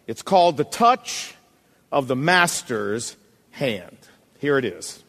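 A man's voice: mid-range voice, big pitch swings, takes it slowly, long pauses, a bit bright, big-room sound. A male pastor preaching a sermon, emphatic and calling out to the congregation, at times reading a poem aloud with drama.

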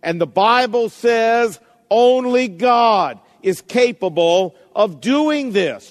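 Man, middle-aged, high voice, preaching slowly, emphatic, long hall reverb. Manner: deliberate, emphatic preaching with rhetorical questions. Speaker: pastor. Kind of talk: sermon.

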